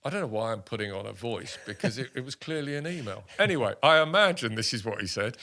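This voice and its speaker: A man in his sixties from the United Kingdom, an army veteran telling stories in an interview, animated and full of restarts. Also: mid-range voice, quick pace, few pauses. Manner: animated anecdotes with many restarts and voiced quotes. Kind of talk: casual storytelling interview.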